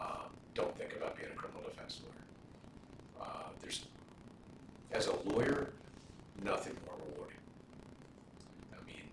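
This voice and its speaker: A middle-aged man, a judge, talking casually with law students in a relaxed question-and-answer session, full of "you know" fillers and anecdotes. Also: low voice. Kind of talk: casual Q&A talk. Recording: roomy, distant mic, room noise.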